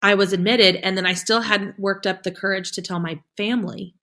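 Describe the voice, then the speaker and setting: A woman in her thirties, a podcast guest, telling her story in a casual, animated way, laughing often and acting out the dialogue. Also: medium pitch, brisk. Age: 30s.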